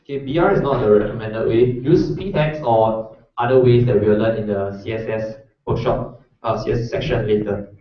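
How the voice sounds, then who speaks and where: A man's voice: lowish voice, moderate pace, a little hiss or hum. A man teaches a live coding workshop, talking in a loose, chatty way and often checking that his listeners follow. His voice rings through a very echoey room and sounds far from the mic. The recording is dull and lo-fi. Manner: casual, chatty, checks in with the audience. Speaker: workshop instructor. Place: lecture room. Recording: roomy echo, distant mic, dull lo-fi sound.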